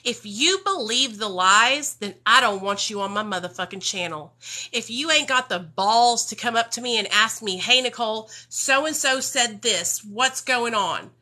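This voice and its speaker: Blunt emotional high bright woman streamer. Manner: blunt, swearing, talks straight to her viewers. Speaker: livestreamer in recovery. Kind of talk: emotional unscripted livestream talk.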